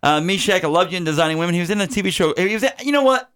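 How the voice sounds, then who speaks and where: A man hosting a podcast about bad movies, rambling and joking through film credits with plenty of "uh"s. His voice is smooth and clear and sits a little high. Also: animated, racing, a bit bright. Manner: rambling, joking, many fillers. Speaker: podcast host. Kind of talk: casual chat.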